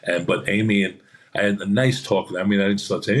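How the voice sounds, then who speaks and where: Fairly low in pitch and steady in tone, the man speaks at a moderate pace. He's an actor appearing on a podcast, chatting through meandering stories and acting out quoted voices.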